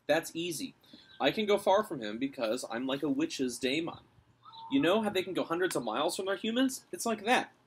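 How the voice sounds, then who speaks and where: A man's voice: a little high, very animated, fairly quick, slight background noise, voice pushed up. A man voicing a bold, cunning young girl. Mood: eager, persuasive. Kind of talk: read-aloud storybook voice.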